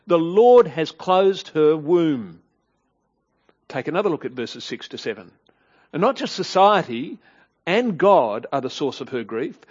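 A man preaching in a measured, earnest tone, his voice sitting a little high for a man. He leans on rhetorical questions as he works through the passage. The recording sounds dull and lo-fi. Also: husky. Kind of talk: sermon.

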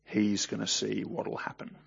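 A man's voice: lowish voice, monotone, a little slow, creaky, breathy edge, muffled recording. A man reading scripture aloud and commenting on it in a conversational way, often asking the listener rhetorical questions. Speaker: Bible teacher.

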